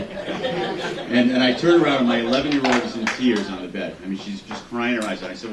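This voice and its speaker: A middle-aged man and political candidate giving a speech at a fundraiser, a relaxed, joking storyteller. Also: mid-range voice, fast talker, very noisy. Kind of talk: speech with humorous anecdotes. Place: event hall at a fundraiser. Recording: echoey hall heard from a distance.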